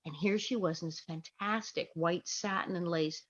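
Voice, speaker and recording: A middle-aged American woman, an actress and comedian, telling lively anecdotes in an interview and acting out quoted voices. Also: lowish voice, normal speed, muffled recording. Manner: lively storyteller, quotes herself in acted voices, laughs often.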